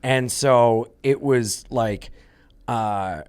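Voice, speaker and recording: A comedian guesting on a podcast spins a rambling anecdote in casual chat, cursing freely and growing animated. His medium-pitched voice moves extremely slowly and the tone is clean.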